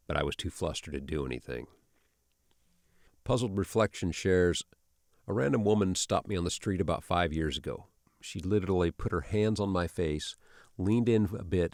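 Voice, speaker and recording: A man narrating online stories and comments in a steady, even reading delivery. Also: deep voice, normal speed, no room sound, studio quality. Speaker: channel narrator.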